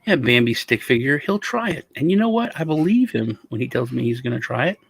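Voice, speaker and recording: A man hosting a casual chat, a rambling, animated storyteller. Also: medium pitch, brisk, gravelly, slightly rough, dry recording. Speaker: host.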